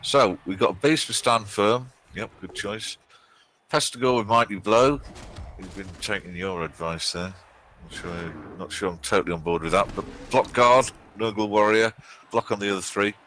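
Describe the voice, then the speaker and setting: A man's voice: fairly low pitch, normal speed, sharp tone, a little hiss or hum, rough recording. A man hosting a casual game commentary, chatty and joking, thinking aloud as he goes. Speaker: host.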